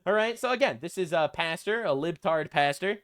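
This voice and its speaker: A man's voice: sits high, animated, a little fast, a bit bright. A man hosting a political reaction commentary, crude and sarcastic, rambling with many fillers.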